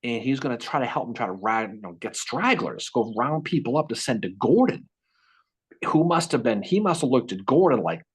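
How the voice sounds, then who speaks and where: A man co-hosting a casual history podcast, telling the story with lively restarts and repeated words. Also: mid-range voice, a little fast, slightly rough. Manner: animated, repeats words while thinking, acts out quotes. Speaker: podcast co-host.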